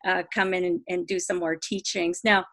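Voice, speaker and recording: A woman with a low, gravelly voice hosts an interview. She praises her guest warmly and asks her questions with enthusiasm, filling her pauses with little "uh"s and "you know"s. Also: flat delivery. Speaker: podcast host.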